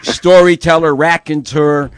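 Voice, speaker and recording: A man hosting a radio show, chatting about show business in an animated way and laughing often. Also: on the high side, unhurried, clear, resonant tone, dry recording. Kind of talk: casual showbiz chat.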